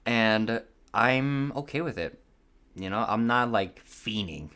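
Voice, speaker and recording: Young guy rambling on his podcast, swears a lot, voice cracks from nerves, kinda low voice. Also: lively intonation, slow pace, sharp tone. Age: around 20. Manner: rambling, profane, nervous with voice cracks. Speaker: podcast host. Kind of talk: casual confessional monologue.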